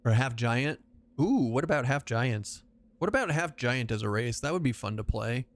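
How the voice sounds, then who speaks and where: A man's voice: mid-range voice, expressive, moderate pace. A man live-streaming a game, chatting loosely with his viewers. He jokes around, swears casually and rambles from one aside to the next, in a mid-range voice. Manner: joking, profane, rambling asides. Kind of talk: casual livestream chat while gaming.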